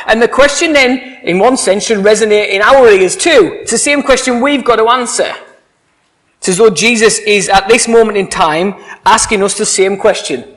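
A man gives a sermon in a voice pitched fairly high for a man. He speaks earnestly and with emphasis, and he often turns to his listeners with rhetorical questions. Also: lively intonation, moderate pace, a bit bright. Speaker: preacher.

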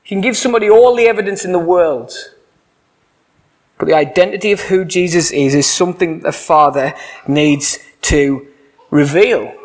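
A man gives a sermon in a voice pitched fairly high for a man. He speaks earnestly and with emphasis, and he often turns to his listeners with rhetorical questions. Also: normal speed. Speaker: preacher.

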